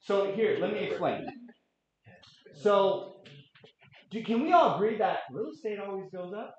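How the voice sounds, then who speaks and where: A man in his late thirties presenting a real estate market update to a room, energetic and quizzing the audience. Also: sits high, unhurried. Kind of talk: interactive office presentation. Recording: echoey room, dull lo-fi sound.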